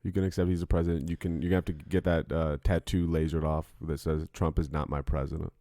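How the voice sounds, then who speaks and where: A man co-hosting a casual podcast, joking and slipping into mocking loud rants. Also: extremely low pitch, little pitch movement, quick pace, dry recording, studio quality. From United States. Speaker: podcast co-host.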